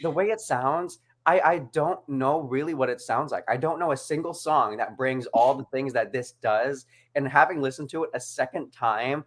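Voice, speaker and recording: A co-host in casual chat, animated and quick to laugh, leaning on "like" as a filler. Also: medium pitch. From United States. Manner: animated, laughs often, leans on "like".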